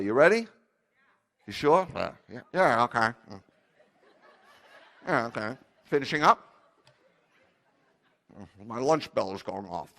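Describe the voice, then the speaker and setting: A man preaching a sermon as rabbi, telling funny stories with jokey asides. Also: a little high. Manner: animated storytelling with jokey asides.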